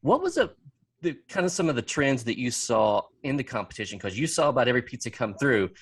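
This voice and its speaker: A man hosting a podcast in a relaxed, casual way, with lots of fillers and repeated words. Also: medium pitch, quick pace, breathy edge, no echo. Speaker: podcast host.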